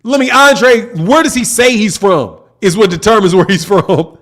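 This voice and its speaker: A man with a fairly high voice hosts a casual boxing livestream. He talks in loose slang, laughs often and keeps tacking "man" onto his sentences. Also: moderate pace, hardly any pauses, fairly bright tone. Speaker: boxing channel host. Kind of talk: casual livestream chat reading comments.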